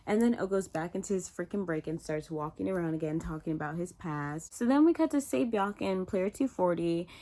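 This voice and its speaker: A woman with a somewhat low voice runs through a TV drama's plot in a casual vlog recap. She talks in a chatty, animated way, leaning on "like" and filler as she retells scenes. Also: brisk, few pauses. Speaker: TV show reviewer.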